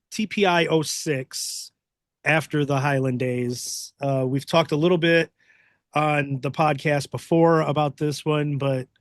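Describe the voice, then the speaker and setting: Higher-pitched man hosting, dry sound. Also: no echo. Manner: joking, quick asides. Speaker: podcast host. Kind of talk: casual chat.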